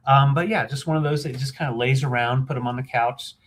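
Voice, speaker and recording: A man's voice: medium pitch, fairly even intonation, fast talker. A man co-hosting a live vintage sale, talking in an easygoing, fond way with lots of fillers. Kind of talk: casual sales chat.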